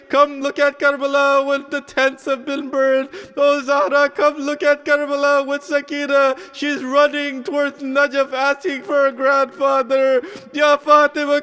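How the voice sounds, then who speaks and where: A man's voice: very high voice, bright, forceful tone. A man delivering an impassioned mourning sermon, telling the story with quoted dialogue. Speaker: speaker at a mourning gathering. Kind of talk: mourning sermon with recited salutations.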